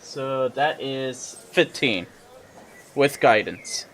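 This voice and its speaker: A man's voice: mid-range voice, expressive, very slow, a bit bright. Eager man describing his moves, faint hiss. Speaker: player. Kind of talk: casual chat playing a tabletop game.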